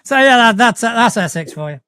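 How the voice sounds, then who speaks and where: A man from the north of England with a northern English accent, hosting a casual chat and talking in halting bursts, with restarts and swearing. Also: extremely high pitch, expressive, noisy background. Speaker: podcast host.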